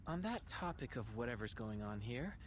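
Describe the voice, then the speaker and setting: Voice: mid-range voice, big pitch swings, normal speed, slight background noise, lightly acted. A voice actor playing an uneasy visitor who keeps asking questions in a video game.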